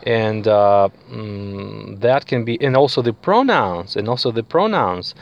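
A man's voice: lowish voice, animated, measured pace, vocal fry, muffled recording. A man teaching a beginner language lesson, explaining patiently with many fillers and frequent check-ins with the listener.

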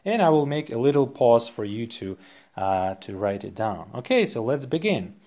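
A man teaching a podcast language lesson, slowly and patiently dictating items and repeating each one twice. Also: medium pitch, sing-song, mellow. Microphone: podcast microphone.

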